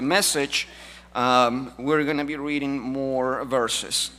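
A man's voice: medium pitch, fairly even intonation, slow, pushed and bright. A middle-aged man preaching a sermon as a guest preacher, joking with the congregation and then reading scripture and praying with growing emphasis.

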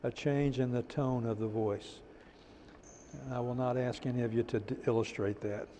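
A man teaching a church teacher-training class, repeating key terms slowly for notes and adding folksy "amen" asides. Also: mid-range voice, fairly even intonation, mellow, big-room sound, a little hiss or hum. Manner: folksy, drops in "amen" and "praise the Lord".

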